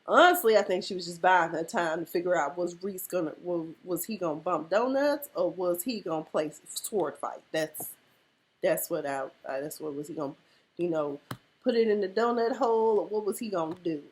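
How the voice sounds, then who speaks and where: A woman's voice: mid-range voice, a bit bright. A woman giving casual, profane commentary on a reality TV episode, emphatic and outspoken.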